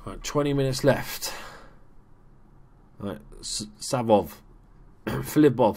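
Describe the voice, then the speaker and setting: A man's voice: mid-range voice, slow pace. Young male gaming YouTuber, chatty and self-deprecating, loose play-by-play. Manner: chatty, self-mocking, swears when excited. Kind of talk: casual let's play commentary.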